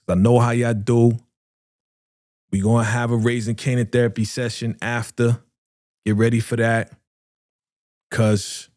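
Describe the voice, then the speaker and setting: A man with runs a live reaction stream. He talks in a mellow, warm voice and swings from loud hype to low mutters while he reads out viewer comments. The sound is close and dry. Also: dry recording. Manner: animated, slangy, reads viewer comments aloud. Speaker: reaction show host.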